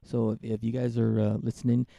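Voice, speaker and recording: Gravelly-voiced male podcast host. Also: mid-range voice, level tone, fairly quick, mellow, no echo, muffled recording. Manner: rambling, lots of fillers and restarts. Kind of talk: casual interview chat.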